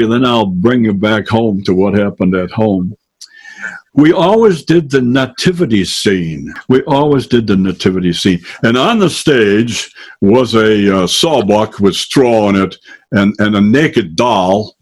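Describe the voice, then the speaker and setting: Older male storyteller, folksy and animated, husky edge. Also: on the low side. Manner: folksy, animated, acting out quoted voices. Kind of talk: storytelling to an audience.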